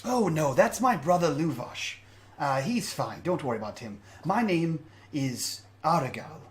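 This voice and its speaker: A man voicing a smooth, genial male camp leader who speaks calmly and politely. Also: fairly high pitch, unhurried, voice pushed up. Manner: genial and unbothered.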